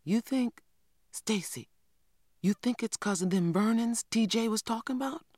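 A man's voice: high-pitched, moderate pace, a little mellow, no room sound, clean studio sound, pitched above the performer's own voice. A man voicing a spirited, outspoken young Southern girl in a storybook reading, asking questions insistently. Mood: pressing.

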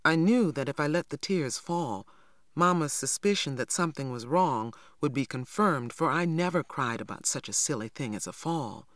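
Steady audiobook reader, first-person story, mid voice, super dry recording. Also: medium pitch, normal speed, dry recording. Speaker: audiobook narrator. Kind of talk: first-person novel narration.

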